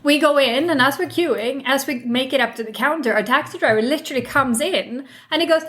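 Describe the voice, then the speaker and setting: A woman in her thirties co-hosting a podcast, telling a story in lively casual chat and acting out the quoted voices. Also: sits high, fairly quick, few pauses. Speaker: podcast co-host.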